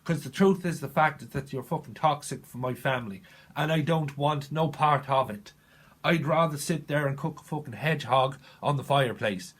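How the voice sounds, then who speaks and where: A man voicing a menacing, defiant male street gangster who swears and threatens in clipped slang, with a husky voice. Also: a little high, normal speed, few pauses, fairly bright tone.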